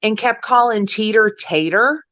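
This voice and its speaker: A woman's voice: mid-range voice, measured pace, bright, forceful tone. Woman, co-host, casual chat, blunt, crude jokes, faint noise behind. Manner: blunt, vulgar, laughing storyteller. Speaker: podcast co-host.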